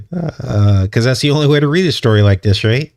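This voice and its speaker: A man's voice: mid-range voice, animated, normal speed, vocal fry, a little mellow. A man hosting his channel, talking through a casual commentary monologue in a sarcastic, mocking way and chuckling often. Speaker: channel host.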